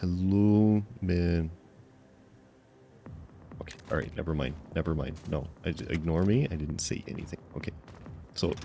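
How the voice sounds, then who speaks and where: Low-voiced man streaming a game. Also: vocal fry. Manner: playful, mock-offended banter, stammering restarts. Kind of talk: live gameplay commentary chatting with viewers.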